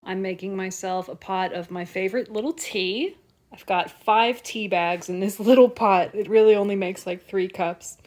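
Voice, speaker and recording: A young woman talking candidly to her camera at home in a personal vlog, emotional and halting, at times tearful and out of breath. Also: mid-range voice, darkish tone. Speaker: vlogger. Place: home, kitchen and living room.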